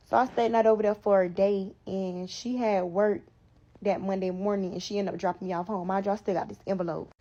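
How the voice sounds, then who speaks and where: A woman's voice: medium pitch, dull audio. Profane storytelling South Florida woman. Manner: animated, profane, slangy. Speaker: guest. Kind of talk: casual storytelling.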